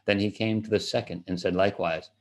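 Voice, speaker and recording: A man giving a steady, measured reading of scripture aloud. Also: fairly low pitch. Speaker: scripture reader.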